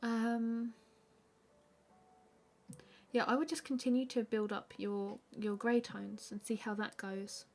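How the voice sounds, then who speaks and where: A woman, an artist hosting a live stream, chatting casually and answering viewer questions with a relaxed, rambling manner full of fillers. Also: on the high side, slow pace, long pauses, faint music behind. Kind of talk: casual chat while drawing.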